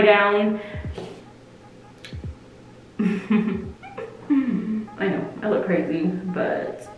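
A woman's voice: medium pitch, steady tone, extremely slow, pauses often, muffled recording, slight background noise. A young woman with a put-on British accent, chatting playfully and rambling through a makeup tutorial at home, picked up by a camera mic. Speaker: makeup vlogger. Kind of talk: casual makeup tutorial chat. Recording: very echoey room with faint music.

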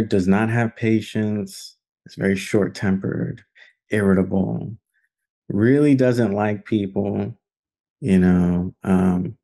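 A man's voice: sits low, warm tone. A man leading an online film study group, talking in an earnest, conversational way with plenty of fillers. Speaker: discussion leader.

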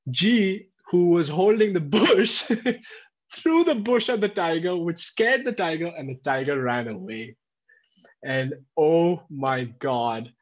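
A man with a medium voice tells a safari story to his livestream viewers, animated and chatty, breaking off to answer their comments. The audio is dull and lo-fi, like a laptop stream. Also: mid-range voice. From India. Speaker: wildlife presenter.

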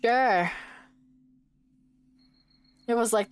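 A woman's voice: mid-range voice, expressive, measured pace, pauses often, slight background noise. A woman streaming a video game, reacting to it with jokes and lots of giggles. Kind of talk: let's play commentary.

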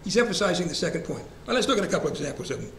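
Man, bible class teacher, conversational, questions the class, fairly high voice, echoey room. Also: big pitch swings, racing, a bit bright. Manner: conversational, asks the class questions, repeats references. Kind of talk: church Bible study lesson. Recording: echoey room, faint ambient hiss.

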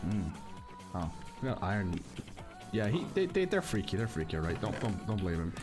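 A man's voice: lowish voice, sing-song, normal speed, music in the background. A man streaming a game, chatting casually and teasing his co-player with jokey banter. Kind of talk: casual gaming stream chat.

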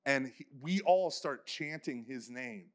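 A man's voice: mid-range voice, expressive, unhurried. A man giving a faith conference talk, telling stories casually with many "like" fillers and acting out the people he quotes. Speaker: conference speaker.

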